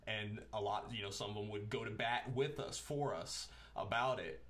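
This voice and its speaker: A man's voice: fairly low pitch, normal speed, few pauses, a bit bright. A man hosting a casual interview, talking earnestly and reading viewer comments aloud. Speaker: host.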